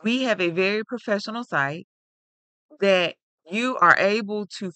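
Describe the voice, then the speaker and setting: A woman's voice: mid-range voice, measured pace, pushed and bright, dry recording. A woman co-hosting a podcast in casual, upbeat chat, laughing often and speaking with emphasis. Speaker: podcast co-host.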